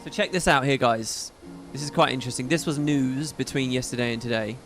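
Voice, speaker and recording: A man's voice: medium pitch, fairly quick, over music. A man hosting a casual livestream, chatting in a rambling, profane way with frequent asides. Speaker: livestream host.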